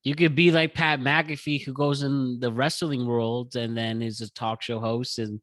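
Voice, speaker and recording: A man hosting a podcast, talking calmly and encouraging his guest. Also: mid-range voice, measured pace, no echo. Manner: calm, encouraging. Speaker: podcast host. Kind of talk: casual interview chat.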